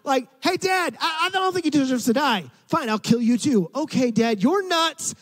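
A man's voice: very high-pitched, expressive, moderate pace, in a large hall, pitched above the performer's own voice. A man doing an exasperated young son. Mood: incredulous. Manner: incredulous, sarcastic. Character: exasperated young man protesting to his father.

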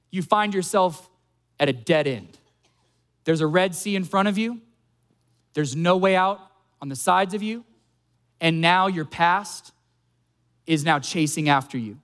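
A young man preaching a sermon as pastor, earnest, slowing down on key phrases for emphasis. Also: sits high, a bit bright, clean tone.

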